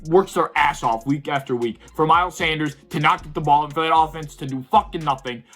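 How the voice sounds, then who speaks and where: A man's voice: a little high, fairly quick, a bit bright, faint music behind. A young man giving a heated, profane sports rant, repeatedly exasperated as he talks. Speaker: sports video host. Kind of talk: ranting sports commentary.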